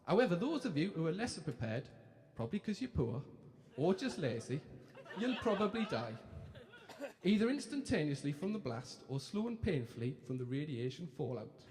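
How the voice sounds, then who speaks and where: A man's voice: on the high side, sing-song, normal speed, a little mellow. A man putting on the voice of a pair of chirpy young male TV presenters, with a Geordie accent and a brash, sweary, mock-cheerful delivery. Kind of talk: live comic impression. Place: live venue stage. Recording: echoey hall with crowd laughter.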